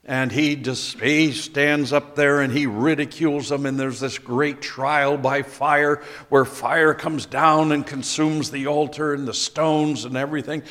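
A middle-aged man preaching a sermon as pastor, slow and emphatic, bursting into loud quotations now and then. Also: fairly high pitch, steady tone, in a large hall.

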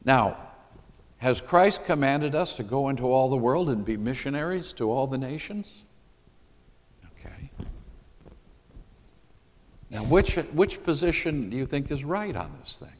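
A man preaches a sermon with an animated, rising-and-falling delivery, firing questions at his congregation. His voice carries a long reverb from a large hall. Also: medium pitch, a little slow, pauses often. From Michigan, USA. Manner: emphatic, puts questions to the congregation.

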